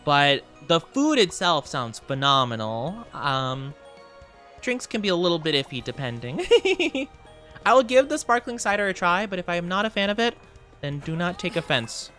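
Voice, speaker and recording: A chatty streamer talks casually with viewers while playing, with a bright, forward voice and frequent giggles. Faint music plays underneath. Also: medium pitch, big pitch swings, normal speed. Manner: chatty and giggly, answers chat messages. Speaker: streamer reading chat. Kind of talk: casual livestream chat over gameplay.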